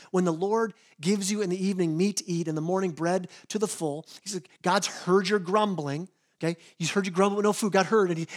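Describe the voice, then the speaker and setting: A man with a fairly high voice preaches a sermon to his church. He sounds earnest and often stumbles over repeated words as he drives a point home. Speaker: pastor.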